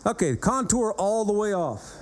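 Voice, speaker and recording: A man's voice: high voice, expressive, moderate pace, very noisy. A man hosting a guitar pedal demo, chatting casually and thinking aloud between riffs, often correcting himself. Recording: electric guitar music loud behind. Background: loud electric guitar playing.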